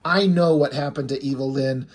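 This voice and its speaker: A man's voice: mid-range voice, steady tone, moderate pace, close to an everyday voice. A man reading as a startled sorceress. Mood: alarmed. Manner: alarmed, disbelieving. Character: stern woman sorceress guarding a castle.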